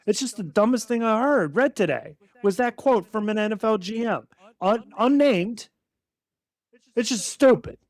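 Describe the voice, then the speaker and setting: A man's voice: high-pitched, animated, moderate pace, no echo. A middle-aged man co-hosting a sports podcast with his son, ranting bluntly and emphatically, with some swearing. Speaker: podcast co-host, father. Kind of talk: opinionated sports podcast rant.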